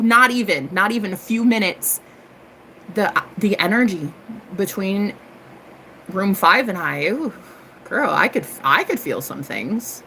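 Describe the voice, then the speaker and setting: Sassy bright-voiced American woman storyteller. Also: slight background noise. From United States. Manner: sassy, animated, swooping into high exclamations; cheeky and profane, calls listeners honey and girl. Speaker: tarot reader and live streamer. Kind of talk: casual storytelling monologue.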